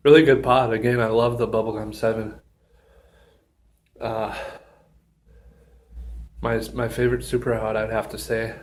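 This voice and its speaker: Guy doing a solo review vid, slow and monotone, lots of ums, kinda out of breath w a runny nose. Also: fairly low pitch. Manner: halting, with many ums and pauses. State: slightly out of breath from pepper heat; runny nose, mouth burning. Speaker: pepper reviewer. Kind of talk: casual solo review vlog.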